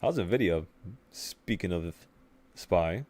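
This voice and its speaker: Deep-voiced young man talking through charts. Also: takes it slowly. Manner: relaxed, thinking aloud, laughs at himself. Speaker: trading channel host. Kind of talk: casual screen-share chart walkthrough.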